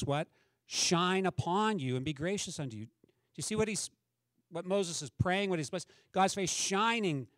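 A middle-aged male pastor delivers a sermon in an easy, conversational way, often pausing to put questions to his listeners. His voice sits a little high for a man. The sound is close and dry, with no room echo. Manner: conversational preaching with rhetorical questions.

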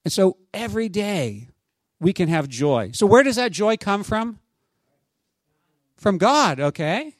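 A man preaching a sermon as pastor, in a conversational, animated way with asides to his congregation. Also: high-pitched, a little slow, pauses often, dry recording.

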